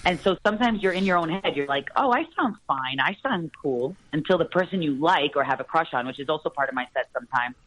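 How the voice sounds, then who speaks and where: A woman comedian with a raspy voice, chatting quickly and telling stories as a podcast guest. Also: deep voice, a bit bright, no echo, poor audio. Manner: fast chatty storytelling, plugging shows. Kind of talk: casual podcast chat.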